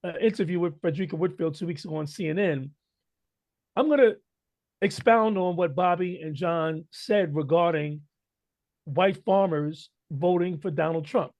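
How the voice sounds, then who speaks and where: High-voiced man lecturing on radio. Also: moderate pace, a little mellow. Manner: lecturing, builds points with statistics. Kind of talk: talk radio discussion.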